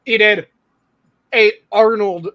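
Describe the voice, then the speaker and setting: A man's voice: sits high, steady tone, slow, pushed and bright. A man co-hosting a podcast, chatting casually and explaining bits of trivia he looked up. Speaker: podcast co-host. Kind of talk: casual chat.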